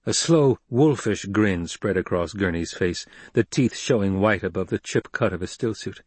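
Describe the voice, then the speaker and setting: A man narrating an audiobook in an even, measured reading. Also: fairly low pitch, slightly rough, no room sound. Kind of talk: scripted narration.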